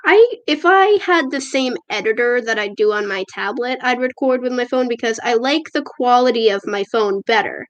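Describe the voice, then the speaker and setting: Recorded at home on a tablet's camera mic with the highs cut off, a woman chats casually while livestreaming, poking fun at herself as she reads viewer comments. Her voice is fairly high with lively intonation, at normal speed with few pauses.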